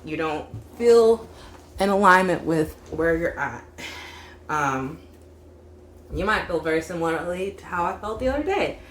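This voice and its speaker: Young woman tarot reader, low-pitched, casual and rambling, recorded in an echoey room. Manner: chatty, frequent "like" fillers, laughs while talking. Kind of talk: casual tarot reading monologue. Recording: echoey room with faint hum.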